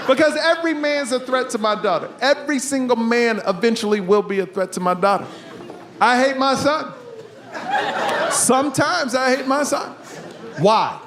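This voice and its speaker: A man performing a stand-up comedy set on stage, telling stories with sudden shouted punchlines. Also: very high voice, moderate pace, a crowd in the background, noisy background. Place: comedy stage before a live audience.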